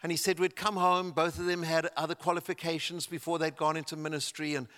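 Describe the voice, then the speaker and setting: A man's voice: fairly high pitch, level tone, fairly bright tone. Man telling a story in a reverberant hall. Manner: anecdotal, halting with restarts. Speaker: preacher. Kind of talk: sermon storytelling.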